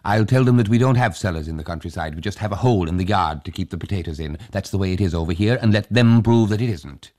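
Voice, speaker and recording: A man's voice: sits low, fast, few pauses, a little mellow, natural voice. A man voicing a stubborn, anxious old village grandfather in a read-aloud story, talking in rambling, insistent reassurances. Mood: reassuring.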